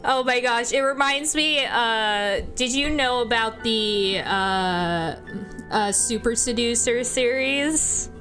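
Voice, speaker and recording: A woman's voice: fairly high pitch, slow pace, fairly bright tone, soft background music. A woman streamer in casual let's-play chat, giggly and rambling as she talks over a game. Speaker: gaming streamer.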